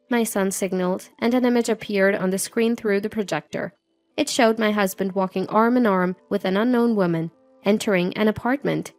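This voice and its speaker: A middle-aged woman narrating a scripted first-person story in an even, measured way. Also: medium pitch, no echo. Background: faint music.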